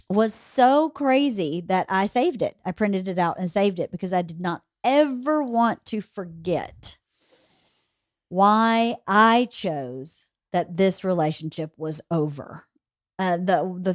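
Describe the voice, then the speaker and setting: A woman's voice: mid-range voice, dry recording. A woman from Georgia hosts a podcast and tells her own family stories candidly, swearing now and then. Her voice sits in a middle register. The recording is dry and close, with no room sound. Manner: candid storytelling, swears casually. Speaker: podcast host. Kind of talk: casual conversation.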